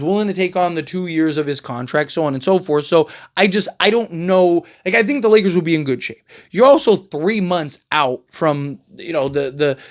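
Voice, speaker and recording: Chatty higher-pitched male sports commentator. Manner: conversational, many fillers and restarts, rhetorical "right?" tags. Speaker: sports podcast host. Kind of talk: casual basketball commentary.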